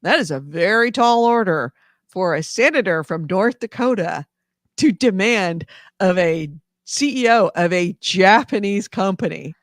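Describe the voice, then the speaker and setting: A woman co-hosting a casual gaming news podcast, playful and chatty with quick asides. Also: mid-range voice, animated, no echo, clean studio sound. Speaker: co-host.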